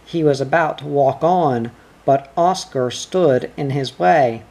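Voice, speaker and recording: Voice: mid-range voice, slow pace, a little mellow. A narrator reading a children's storybook aloud.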